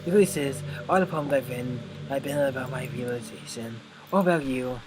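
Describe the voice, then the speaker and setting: A man's voice: mid-range voice, a little fast, noisy background, natural voice. Man voicing a sweetly sinister lovestruck girl. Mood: affectionate. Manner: soft, intimate, slightly menacing. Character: lovestruck young woman, sweetly sinister, obsessive. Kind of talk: reading game dialogue aloud. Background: game music.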